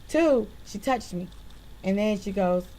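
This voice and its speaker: A woman venting to her viewers in a casual monologue into a webcam, animated and exasperated. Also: mid-range voice, a little slow, low-quality recording. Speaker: vlogger.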